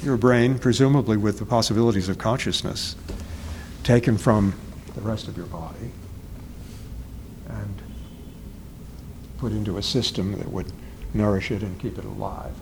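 Author interviewee, male, lowish voice, thoughtful and halting, faint background noise. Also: creaky. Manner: halting, searching for words, self-correcting. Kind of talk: reflective interview talk.

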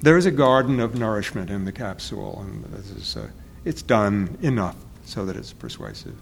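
Author interviewee, male, lowish voice, thoughtful and halting, faint background noise. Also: big pitch swings, gravelly. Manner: halting, searching for words, self-correcting. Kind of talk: reflective interview talk.

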